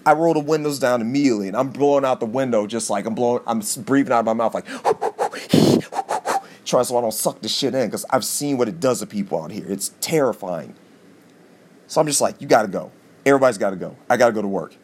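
A male podcast host tells a rambling comic story, swearing freely. His pitch leaps upward whenever he stresses a point, which gives the monologue an animated, excitable edge. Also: quick pace. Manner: animated, profane, jumps in pitch for emphasis.

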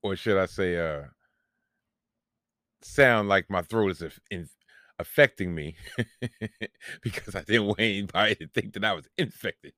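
A man's voice: low-pitched, a little slow, pauses often, fairly bright tone, no room sound, clean studio sound. A man, hosting a solo podcast and telling a long, rambling, profane story about himself with self-mocking humor. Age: 40s. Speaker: podcast host.

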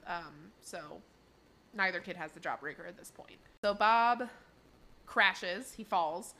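A woman with a mid-range voice co-hosts a podcast, animatedly recapping a cartoon episode in casual conversation and acting out the characters' lines. There's slight background noise.

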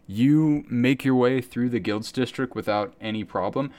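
A man narrating a tabletop game as game master, in an animated storytelling manner. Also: mid-range voice, moderate pace.

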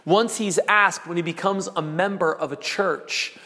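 A man preaching a sermon, dramatic, acting out quoted voices and shouting out lines. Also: sits high, measured pace. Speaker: pastor. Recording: long reverb of a large hall.

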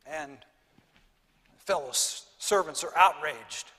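Pastor, man, sermon in a big echoey church hall, higher bright voice. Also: slow pace, pauses often, slightly rough.

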